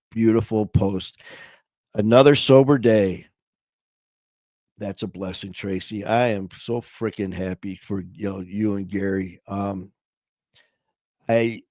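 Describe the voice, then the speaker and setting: A man's voice: lowish voice, a little mellow, no echo, clean studio sound. A man hosting a livestream, chatting casually in a rambling, informal way full of fillers. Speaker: livestream host.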